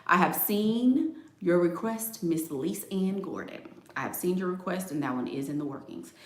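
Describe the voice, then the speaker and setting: Sassy low-voiced woman in echoey room. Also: expressive, moderate pace. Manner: sassy, direct, laughing asides. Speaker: relationship advice livestream host. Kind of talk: casual chat reading viewer comments.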